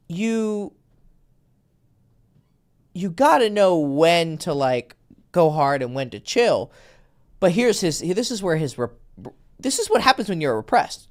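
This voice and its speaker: Dating coach, male, casual podcast chat, blunt and swearing, pitch leaps around lively as he acts out quotes. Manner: animated storytelling, acts out quoted texts.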